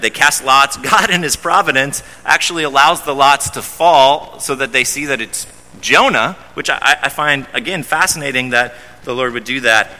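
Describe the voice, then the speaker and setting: Bright-voiced male preacher in an echoey hall. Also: mid-range voice. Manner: conversational, repeats and restarts words. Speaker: pastor. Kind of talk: expository sermon. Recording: long reverb in a large hall.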